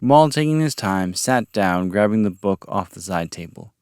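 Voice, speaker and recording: Low-voiced guy reading a story podcast, calm and measured, dry close sound. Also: clear, resonant tone, no echo. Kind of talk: audiobook-style story narration.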